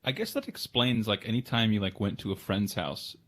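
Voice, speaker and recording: A man co-hosting a podcast in casual chat, making relaxed, dry asides. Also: on the low side, a little fast. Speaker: podcast co-host.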